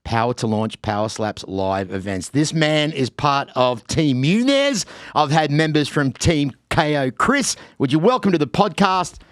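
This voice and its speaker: A man with an Australian accent hosting an interview podcast, energetic and laughing often. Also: on the high side, measured pace, few pauses, no echo, clean studio sound. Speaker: podcast host. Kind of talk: casual interview.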